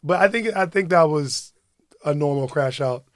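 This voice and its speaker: A man co-hosts a podcast in a casual chat, his voice fairly high and his pace normal. He swears freely, laughs often, and tells stories with animation.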